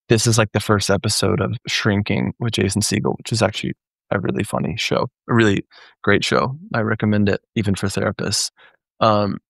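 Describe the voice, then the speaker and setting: A man's voice: on the low side, vocal fry, no echo. A man, a therapist and trainer, teaching in a live Q&A in a conversational way and often checking in with "right?".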